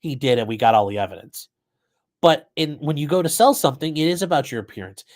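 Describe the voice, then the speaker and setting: A man's voice: on the high side, expressive, fast talker. A man hosting a casual live stream, commenting on a trial and answering chat with blunt, profane asides. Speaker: livestream host commenting on a trial.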